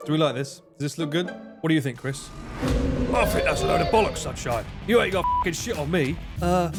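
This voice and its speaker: A man's voice: on the high side, fairly quick. A man in his forties with an Essex accent, streaming a game live and chatting, swearing and laughing as he plays. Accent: Essex English. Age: 40s. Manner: swearing, joking, laughing often. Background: game music.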